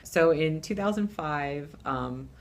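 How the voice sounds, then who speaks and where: A middle-aged woman puppeteer telling stories in a casual interview, animated and laughing, acting out voices. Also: low-pitched, slow pace. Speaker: puppeteer guest.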